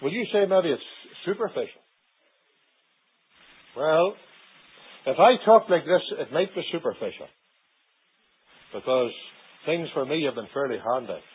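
High-voiced man preaching over a tinny line. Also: expressive, unhurried, long pauses, slightly rough. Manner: dramatic swings between loud emphatic lines and low quiet asides. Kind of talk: sermon. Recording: tinny phone-like old sermon recording.

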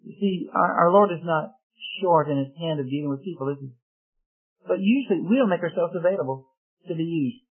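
Male preacher, lively storyteller, slightly high voice, phone-thin radio sound. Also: brisk, slightly rough. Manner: animated storyteller, acts out quoted dialogue. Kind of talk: sermon storytelling. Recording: tinny phone-like radio broadcast.

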